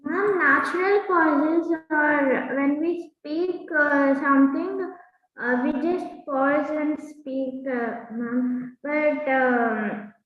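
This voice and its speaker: A female student answers her teacher on an online call, speaking very slowly and hesitantly with many fillers. Her high voice rings in a strongly echoing room, and the line sounds dull and lo-fi. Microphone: video call.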